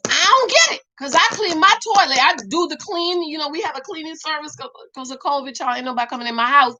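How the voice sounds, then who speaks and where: A middle-aged woman hosts a relaxed chat show, reading out viewer comments in a high, bright voice. She is animated and laughs often as she talks straight to her audience. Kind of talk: casual chat.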